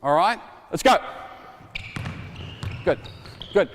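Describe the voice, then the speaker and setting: Energetic man coaching on a court. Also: sits high, takes it slowly, slight background noise. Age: 40s. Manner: energetic, joking, calls out drill instructions. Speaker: basketball coach. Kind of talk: coaching clinic demonstration. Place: indoor basketball court. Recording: reverberant gym hall. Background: basketballs bouncing.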